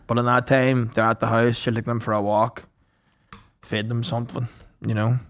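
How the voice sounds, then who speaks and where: A man's voice: mid-range voice, flat delivery, normal speed, fairly bright tone. A man co-hosting a podcast, telling a long anecdote in casual chat and swearing often. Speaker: podcast co-host.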